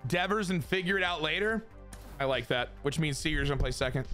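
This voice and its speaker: A young man talks to his chat while playing a baseball video game, his voice sitting a little high and jumping between crude joking rants and bursts of hype. He sounds like a casual streamer, and faint music plays underneath him. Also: animated, brisk, bright, forceful tone. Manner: crude, self-mocking humor. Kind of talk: casual gameplay commentary to chat.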